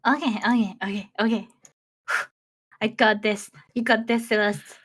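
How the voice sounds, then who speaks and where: A woman's voice: mid-range voice, steady tone, measured pace, fairly bright tone. A woman voice actor taking direction in a casual workshop chat, playful and self-encouraging.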